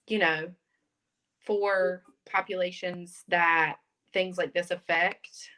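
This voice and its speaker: A woman's voice: on the low side, fairly even intonation, takes it slowly, pushed and bright. A woman with a Southern US accent, chatting upbeat as a guest on a talk show. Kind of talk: casual chat.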